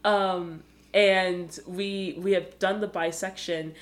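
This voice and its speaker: A woman co-hosts a relaxed podcast and talks in an easy, chatty way. She explains things for the listeners and teases her co-host as she goes. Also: fairly low pitch, takes it slowly. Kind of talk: casual chat recapping a musical.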